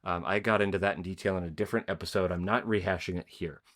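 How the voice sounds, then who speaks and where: A man's voice: sits low, fairly even intonation, quick pace, fairly bright tone. A man hosting a podcast, telling a personal story in an earnest, rambling way with many restarts. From Spokane, Washington area. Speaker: podcast host. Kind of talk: conversational interview.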